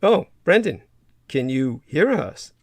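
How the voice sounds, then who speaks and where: A man hosting a casual livestream chat, hoarse from losing his voice, talking haltingly with many fillers and restarts. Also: on the high side, sing-song. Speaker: livestream host.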